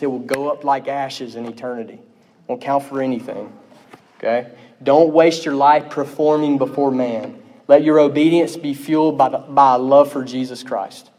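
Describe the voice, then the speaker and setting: An emphatic male preacher delivering a sermon to his congregation. He keeps checking in with a quick "okay?" and rises in pitch and volume on the lines he wants to land. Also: fairly even intonation, darkish tone. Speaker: pastor.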